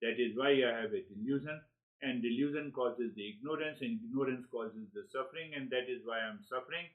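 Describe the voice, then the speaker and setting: Man, spiritual teacher lecturing: animated, repeats words, middle pitch. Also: brisk, phone-quality sound. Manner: animated, acts out inner dialogues with sudden laughs; repeats words while searching, "you, you".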